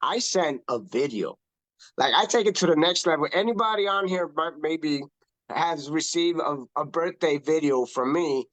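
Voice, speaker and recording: A man coaching on social media in a casual online talk, emphatic and animated, often repeating himself for effect. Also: a little high, moderate pace, no room sound. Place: online video call. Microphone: video call.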